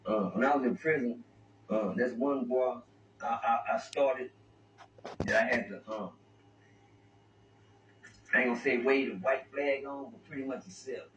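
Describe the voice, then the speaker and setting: An interview guest casually tells prison stories, rambling and stammering over repeated words. He speaks at medium pitch, measured and a bit bright, with long pauses. The room is echoey, the mic distant, with faint noise.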